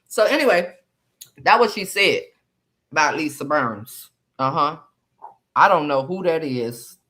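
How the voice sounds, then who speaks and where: A woman's voice: sits low, expressive, measured pace, pauses often, fairly bright tone, husky. A woman with a lilt holds court on a casual live stream. She gossips with sass, drawing out her words and tossing asides to her viewers. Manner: sassy, gossipy, drawling commentary. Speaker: host.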